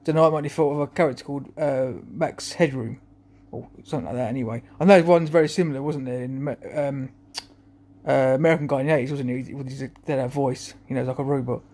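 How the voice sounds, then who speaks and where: A man's voice: mid-range voice, fairly even intonation, fast, a little mellow. A man talking to camera in a rambling, chuckling monologue full of restarts. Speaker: vlogger.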